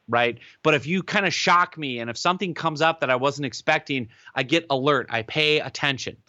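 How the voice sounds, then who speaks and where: A man being interviewed, giving advice in an animated, emphatic way and often checking in with "right?". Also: fairly high pitch, no room sound, highs cut off. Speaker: guest expert on webinars.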